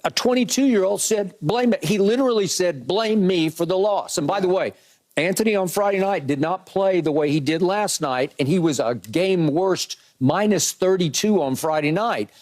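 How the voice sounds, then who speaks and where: High-voiced man arguing sports. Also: normal speed, darkish tone. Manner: emphatic, argumentative, mimics others in higher voice. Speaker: sports debate commentator. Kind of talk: sports debate commentary.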